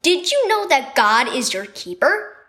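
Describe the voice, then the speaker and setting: A woman's voice: high-pitched, very animated, a little slow, sharp tone. A woman reading a children's daily devotional story, telling it expressively. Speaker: devotional reader.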